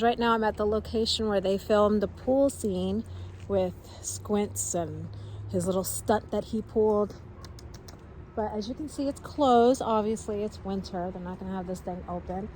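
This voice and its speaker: A woman's voice: medium pitch, a little mellow, slight background noise. A woman vlogging casually outdoors, chatty and exclamatory, thinking aloud as she walks through town in winter. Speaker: travel vlogger visiting film locations. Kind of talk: casual walking-tour vlog.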